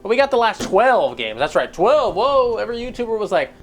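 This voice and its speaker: A man's voice: high voice, sing-song, a little fast, soft background music. A man hosting a gaming news show, giving casual commentary in a profane, exasperated rant.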